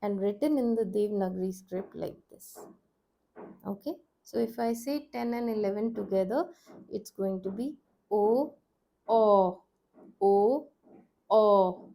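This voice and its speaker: A woman's voice: medium pitch, normal speed, gravelly, warm tone. A young woman teaching a language lesson, explaining how to write letters step by step and patiently repeating each sound.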